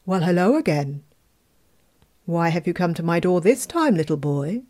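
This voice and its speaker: A woman voicing the North Wind, an old bearded spirit, in a slow lower voice. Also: animated, a little mellow, close to an everyday voice. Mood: kindly.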